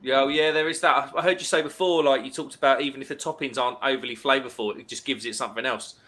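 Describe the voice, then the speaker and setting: Bright-voiced man reading chat comments. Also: medium pitch, fairly even intonation, fast. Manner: reads out viewer comments chattily. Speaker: live stream host. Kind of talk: casual live stream chat.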